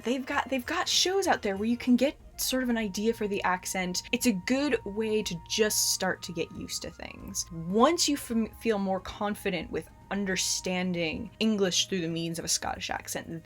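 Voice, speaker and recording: A woman vlogger chatting casually to camera in a friendly way, speaking directly to her viewers. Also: medium pitch.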